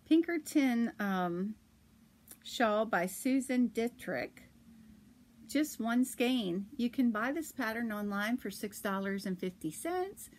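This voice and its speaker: A middle-aged woman hosting a podcast from her yarn shop, chatting casually and laughing often as she tells stories and shows knitting patterns. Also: fairly high pitch. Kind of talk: casual chat about knitting.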